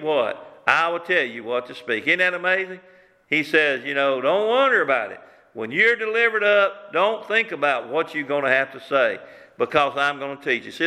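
Preacher in a reverberant hall. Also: male voice, a little high, pushed and bright. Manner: preaching with rising and falling emphasis, repeats words when worked up. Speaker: pastor. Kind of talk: sermon.

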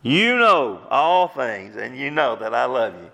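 A man's voice: mid-range voice, sing-song, measured pace, creaky, pushed and bright, long reverb tail, heavily acted. A man acting out the apostle Peter as an earnest man protesting and pleading, with his voice raised.

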